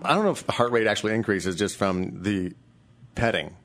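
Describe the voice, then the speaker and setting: A man's voice: on the low side, brisk, fairly bright tone. A man in casual chat, bantering bluntly and teasing his co-host.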